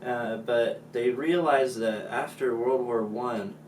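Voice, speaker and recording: A man's voice: medium pitch, slow pace, darkish tone, roomy sound, recorded from a distance, slight background noise, poor audio. A man explaining history casually, joking and using many fillers. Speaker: student presenter.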